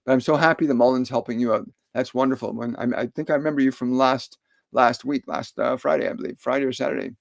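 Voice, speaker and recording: A middle-aged man, a spiritual medium, answers viewer questions in a live stream with calm, repetitive, soothing instructions. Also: mid-range voice, quick pace, gravelly, no room sound.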